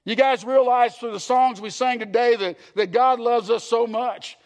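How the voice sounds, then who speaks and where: A man preaches a sermon from the pulpit in a church, his voice pitched unusually high. He talks earnestly, repeats phrases and throws questions out to the congregation. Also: steady tone, moderate pace. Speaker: pastor. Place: church sanctuary.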